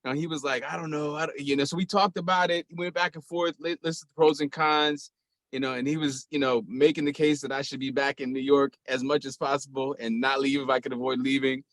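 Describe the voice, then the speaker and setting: A man telling a personal story on a video call in a lively way, laughing often and restarting phrases. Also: mid-range voice, a little fast, dry recording. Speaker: guest sharing memories.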